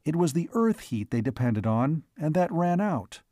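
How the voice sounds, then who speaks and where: A man's voice: fairly high pitch, sing-song, moderate pace, dark tone, dry recording, studio quality. A man reading the part of a worried, doubtful male scientist in an audiobook, in an earnest and uneasy manner. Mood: hopeless.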